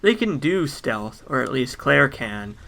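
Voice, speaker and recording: A man's voice: mid-range voice, big pitch swings, measured pace, creaky, sharp tone. A man giving casual let's play game commentary with wry, joking asides.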